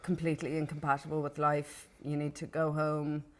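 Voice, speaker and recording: A woman in a documentary interview, calmly recounting what the doctor told her. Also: deep voice, brisk.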